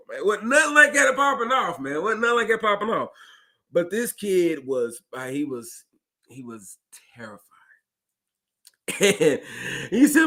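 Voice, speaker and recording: A man who drives a school bus, casually telling a story to his listeners and acting out the dialogue with lively jumps in his voice. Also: normal speed. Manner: animated, acts out dialogue with big pitch jumps; conversational, addresses listeners directly.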